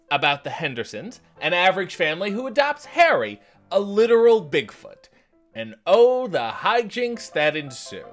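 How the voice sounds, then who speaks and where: Male host, comedic recap, sarcastic and profane, very animated pitch.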